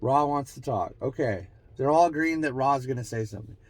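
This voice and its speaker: A man's voice: brisk, no room sound. A man hosting his own show, musing aloud in a rambling, self-mocking way, trailing off and restarting as he relays channeled messages. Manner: pitch and loudness swing widely, from bright bursts to low mutters. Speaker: host. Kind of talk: casual spiritual channeling monologue.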